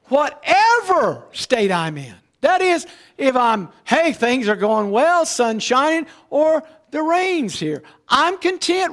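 A man preaching a sermon, emphatic and repetitive, slowing down to stress key words. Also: very high voice, fairly bright tone. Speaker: pastor.

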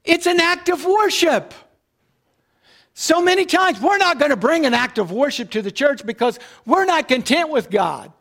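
Man, pastor, sermon, very high voice, emphatic, repeats phrases. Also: big pitch swings, a bit bright. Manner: emphatic, repeats key phrases, slows down to stress words.

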